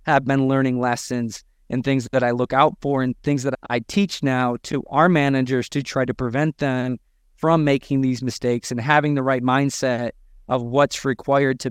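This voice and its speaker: A man's voice: medium pitch, clear, resonant tone, no room sound, clean studio sound. A man co-hosting a business podcast, talking emphatically and acting out quoted lines as he gives advice to gym owners. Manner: emphatic, preachy, acts out quotes. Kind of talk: energetic business podcast talk.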